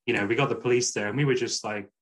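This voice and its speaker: A man's voice: mid-range voice, fairly even intonation, very fast. A man guesting on a podcast, telling a story in a casual, rambling way with lots of "like" and "you know".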